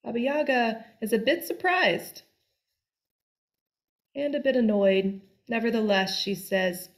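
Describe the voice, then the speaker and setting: A woman telling a folk tale aloud in a slow, deliberate, expressive way. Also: a little high. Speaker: storyteller. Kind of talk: storytelling.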